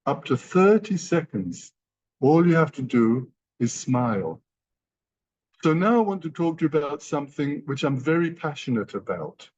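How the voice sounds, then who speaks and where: A man's voice: fairly high pitch, expressive, normal speed, a little mellow. A man giving a motivational training talk to company partners, emphatic and repeating key phrases. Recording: dull lo-fi sound.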